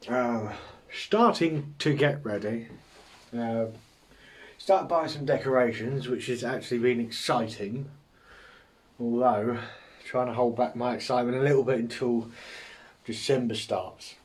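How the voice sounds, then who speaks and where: Male host, live viewer Q&A, sarcastic ranter, average-pitched voice. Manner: sarcastic, ranting, swears freely. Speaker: host answering viewer questions. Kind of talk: casual live Q&A chat.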